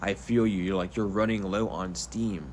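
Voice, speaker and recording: A spiritual reader speaks directly to the viewer in an earnest, rambling pep talk, soothing and repetitive. His voice is low and darkish with fairly even intonation and a moderate pace, and there's a little hiss or hum on the recording.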